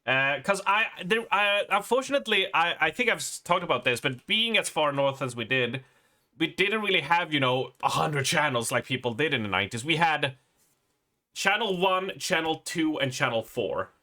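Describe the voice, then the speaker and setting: A man in his thirties talks loosely to his stream chat, wandering from thought to thought and breaking into laughs. His voice sits a little high and comes across bright and forward. He sounds like a streamer talking into a desk mic at home. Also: animated, normal speed. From Sweden. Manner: rambling, laughing, swearing. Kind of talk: casual live-stream chat.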